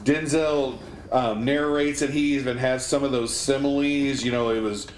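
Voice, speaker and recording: A man's voice: mid-range voice, steady tone, normal speed. A chatty, opinionated man sharing casual movie reviews as a podcast co-host, swearing now and then. His voice carries through an echoey room with a faint hum of noise behind.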